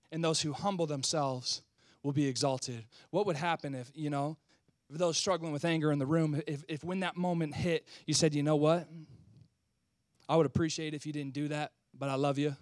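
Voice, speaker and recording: A male pastor preaching a sermon, calling out to the congregation, swinging from loud outbursts to quiet, close talk. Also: on the high side, moderate pace, dry recording. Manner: animated, swings between shouting and quiet; talks back and forth with the congregation.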